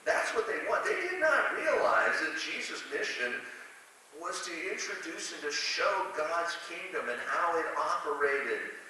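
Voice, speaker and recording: A man delivers a conversational sermon, full of asides and self-deprecating humor. His voice is very bright and sits at a middle pitch. The recording comes from a distant mic in a very echoey church hall, with a faint hiss underneath. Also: big pitch swings, a little slow. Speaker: preacher. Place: church sanctuary.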